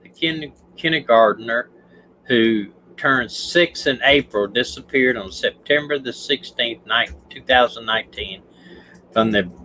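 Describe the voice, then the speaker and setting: A man's voice: mid-range voice, fairly bright tone, a little hiss or hum, low-quality recording. A man with a Southern US accent, a retired detective hosting a livestream, talking through a case casually and restarting his sentences. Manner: rambling, restarts sentences, stumbles over words.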